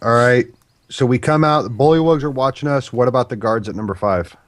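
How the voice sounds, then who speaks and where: A man's voice: medium pitch, brisk. A man playing a tabletop game, checking details with careful questions. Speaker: player. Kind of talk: casual tabletop game chat.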